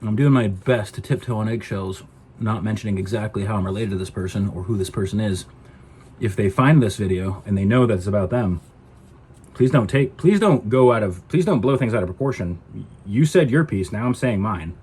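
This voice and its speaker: Exasperated man ranting, husky voice. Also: fairly low pitch, brisk, a little mellow. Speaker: vlogger. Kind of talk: casual ranting vlog.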